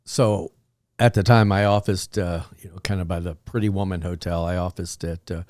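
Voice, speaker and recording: A man from Texas, a podcast guest, telling a story in a rambling, halting way with many fillers. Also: sits low, steady tone, darkish tone, no room sound, studio quality. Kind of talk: casual storytelling.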